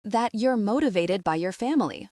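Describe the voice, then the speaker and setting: A woman narrator voicing a gentle, earnest young woman in an audiobook, speaking softly and slowly. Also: medium pitch, animated, no room sound, clean studio sound, lightly acted. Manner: soft, slow and tender. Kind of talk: audiobook dialogue.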